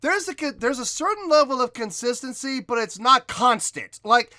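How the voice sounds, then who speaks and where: A man's voice: very high voice, lively intonation, moderate pace, pushed and bright, no room sound, studio quality. A man hosting a music reaction video, explaining vocal technique in analytical commentary and sometimes scatting rhythms to show his point.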